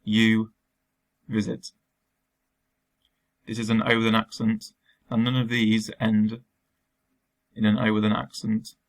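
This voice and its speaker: A man's voice: fairly low pitch, monotone, slow, long pauses. A man teaching a recorded remote lesson, explaining patiently step by step with frequent ums.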